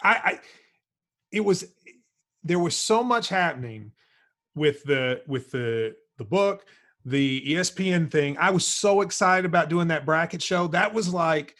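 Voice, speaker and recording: A man's voice: on the high side, expressive, unhurried, a bit bright. A man with a Kentucky accent hosting a podcast over a video call, telling a personal story in a candid, rambling way with frequent restarts. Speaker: podcast host. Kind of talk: casual video-call conversation.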